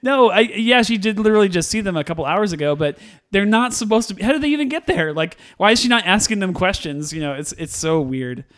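A man with a somewhat high voice, chatting through a film review on a podcast. He is animated, laughs often and puts on the characters' lines as he retells scenes. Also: brisk. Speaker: podcast co-host. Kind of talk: casual movie review chat.

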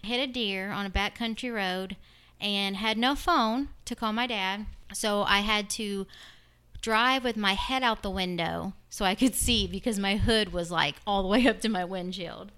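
A woman's voice: mid-range voice, a little slow, pushed and bright, clear, resonant tone. Rambling woman podcast host. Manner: rambling, drifts off topic. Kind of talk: casual podcast chat.

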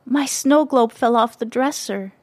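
A woman voicing an earnest, emotional young boy in a storybook reading who cries out in higher, louder bursts. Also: a little slow, no room sound. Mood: upset.

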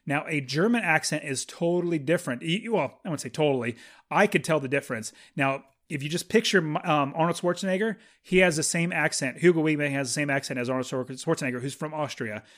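A man's voice: a little high, a little fast, a bit bright. A man chatting casually and enthusiastically about a movie as a podcast co-host, rambling with frequent restarts.

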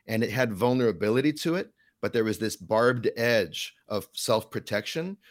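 A man's voice: on the low side, expressive, normal speed, no echo, clean studio sound. A man in his forties chatting casually on a podcast, articulate and sardonic as he riffs. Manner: articulate, riffing with sardonic asides. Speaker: podcast guest. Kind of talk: casual chat.

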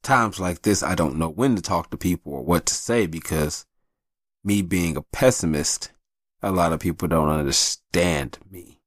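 A man's voice: low-pitched, moderate pace, dry recording, clean studio sound. A man hosting a podcast, telling personal stories in a candid, profane, casual way. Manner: candid, profane, acts out voices in his stories. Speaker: podcast host. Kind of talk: casual storytelling monologue.

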